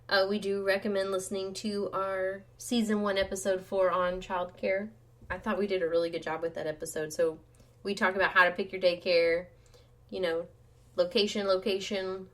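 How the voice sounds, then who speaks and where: A woman co-hosting a podcast in casual chat, talking in a loose conversational way with lots of "like" and "right?". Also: medium pitch. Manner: chatty, conversational, often says "like" and "right?". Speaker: podcast co-host.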